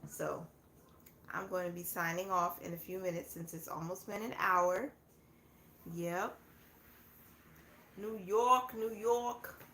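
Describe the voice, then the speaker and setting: This southern US livestream host keeps things laid-back, chatting casually with her viewers and laughing a lot. She speaks with a fairly low, steady, pushed and bright voice, a little slowly and with frequent pauses. Faint noise and room echo come through the recording.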